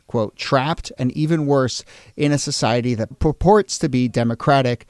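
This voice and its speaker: A man's voice: mid-range voice, expressive, moderate pace, darkish tone, no echo. Earnest man, dry studio sound. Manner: earnest, reflective, stresses key words. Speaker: co-host of a history show. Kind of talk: analytical podcast discussion.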